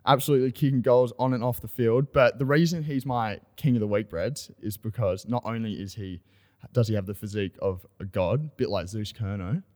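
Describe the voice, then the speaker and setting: An Australian man co-hosting a casual podcast, telling club stories with animated banter. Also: lowish voice, fairly quick, long reverb tail. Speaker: podcast co-host. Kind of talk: casual chat.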